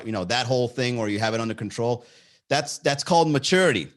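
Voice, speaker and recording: A man's voice: mid-range voice, rapid-fire. A man hosting a comedy podcast, riffing casually in a rambling, profane way and reacting to live chat.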